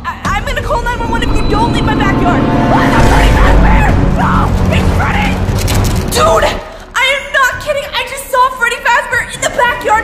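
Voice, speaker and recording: A young woman vlogging a dramatic skit at home at night, talking excitably with lots of filler words. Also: very high-pitched. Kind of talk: scripted skit vlog.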